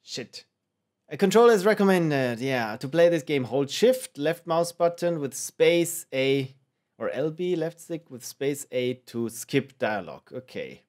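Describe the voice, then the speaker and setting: A man comments on a game as he plays it, thinking aloud and joking along the way. His voice is lively and jumps around in pitch. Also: unhurried. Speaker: let's play host.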